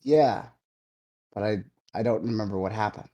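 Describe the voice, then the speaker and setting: A man's voice: lowish voice, moderate pace, warm tone. A man playing a tabletop game who asks hesitant, puzzled questions. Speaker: player. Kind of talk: in-character tabletop play.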